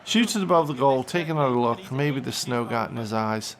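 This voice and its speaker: A man hosting a gaming video, calling the on-screen action in an excitable mock sportscaster style with bursts of frustration. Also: medium pitch, brisk. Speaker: gaming channel host. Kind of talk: play-by-play gameplay commentary.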